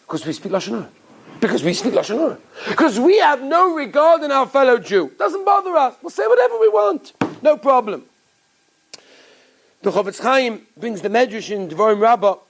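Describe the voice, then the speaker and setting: A man, a rabbi, giving an animated Torah lecture, acting out little voices and laughing often. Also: high-pitched.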